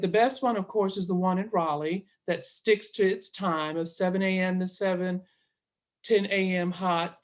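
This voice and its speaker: A middle-aged woman telling a long story in a casual interview, acting out both sides of the conversation. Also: mid-range voice. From Southern US. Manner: animated, quotes herself and others in dialogue.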